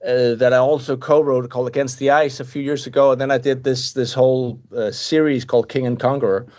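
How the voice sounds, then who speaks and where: A man in his fifties from Denmark with a Danish accent, telling stories as a podcast guest in a lively way, often restarting and repeating words. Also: medium pitch, a little fast. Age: 50s. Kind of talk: casual anecdotal storytelling.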